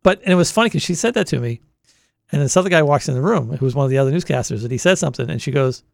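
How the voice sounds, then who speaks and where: Gravelly Boston man telling old stories. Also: a little high, animated, racing, dry recording, clean studio sound. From Boston area. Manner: rambling storyteller, many restarts. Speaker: longtime college radio volunteer. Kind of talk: oral history interview.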